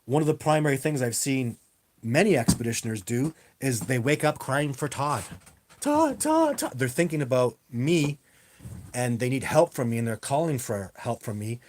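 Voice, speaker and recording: A man's voice: mid-range voice, normal speed, darkish tone, a little hiss or hum. A man talks straight into a webcam during a live stream, taking viewer questions one after another. He rambles and repeats himself for emphasis. It has the loose, casual feel of an online Q&A. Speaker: livestream host answering viewer questions. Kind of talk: casual livestream Q&A. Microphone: webcam on a live video stream.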